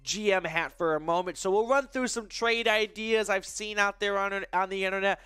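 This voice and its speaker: Stuffy and nasal from a cold, this young sports show host still keeps his live talk stream chatty and upbeat, giving shout-outs to viewers. He speaks at normal speed in a high, clean voice with no room sound.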